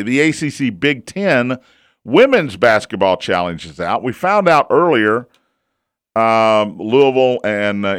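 A man's voice: medium pitch, a bit bright, smooth, no echo, clean studio sound. A man hosting a casual sports talk show, chatty and opinionated, who asks himself questions and answers them.

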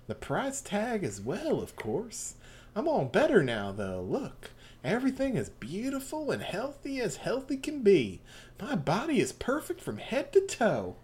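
Woman putting on a high genteel Southern belle. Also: huge pitch swings, a little slow, a little mellow. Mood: boastful. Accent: Southern US put-on. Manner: sugary, genteel, feigning innocence. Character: pampered middle-aged Southern belle woman, evasive.

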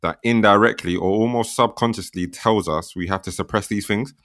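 A man's voice: fairly low pitch, brisk, a bit bright, dry recording, studio quality. A man, chatting casually on a podcast in a slangy, laid-back way. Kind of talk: casual chat.

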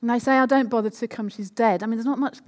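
A woman's voice: fairly high pitch, steady tone, fast talker, a little mellow. A woman preaching a sermon in a conversational way, often turning to the listeners with questions. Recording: long hall reverb.

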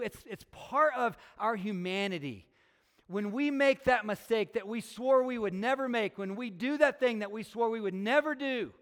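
Earnest preacher in a reverberant hall. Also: male voice, high voice, fairly bright tone. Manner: earnest, building to emphatic intensity. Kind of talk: sermon with scripture reading. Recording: long reverb of a large hall.

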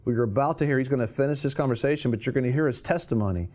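Fast-talking man hosting a TV segment. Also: mid-range voice, a little mellow. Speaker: TV program host. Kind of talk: broadcast segment introduction.

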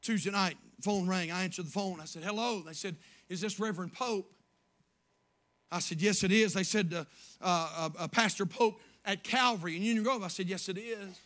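A man preaching a sermon as pastor, moving from quiet storytelling to shouted praise. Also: sits high, normal speed.

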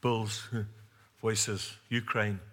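Middle-aged male pastor; humorous storytelling sermon, bright tone, addresses the congregation directly. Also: lowish voice, level tone, extremely slow, a little hiss or hum. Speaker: preacher.

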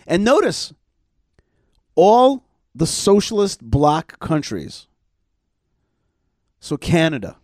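A man's voice: a little high, big pitch swings, slow, long pauses, darkish tone, dry recording, studio quality. A man hosting a talk show, chatting casually and animatedly, often repeating himself as he builds a point. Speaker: show host. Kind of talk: casual political chat.

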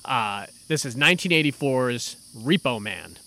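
A man's voice: mid-range voice, sing-song, a little slow, bright, forceful tone. A man co-hosting a casual chat, talking in an eager, opinionated way. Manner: enthusiastic, opinionated, loose. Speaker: podcast co-host.

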